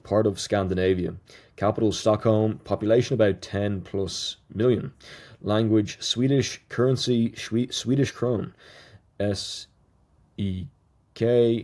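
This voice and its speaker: A man's voice: fairly low pitch, mellow. A man hosting a solo podcast, reading through a list of notes and stumbling over foreign words with small asides. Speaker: podcast host.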